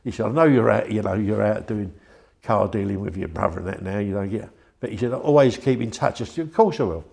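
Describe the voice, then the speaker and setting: Speaking quickly in a fairly low, slightly mellow voice with vocal fry, an older man rambles chattily through interview anecdotes. He often stops and starts over.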